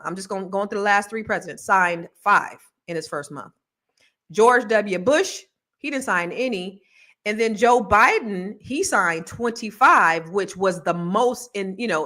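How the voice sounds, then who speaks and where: A woman moderating a panel discussion in a casual, slangy way, full of quick restarts and asides to the audience. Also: medium pitch, bright, forceful tone.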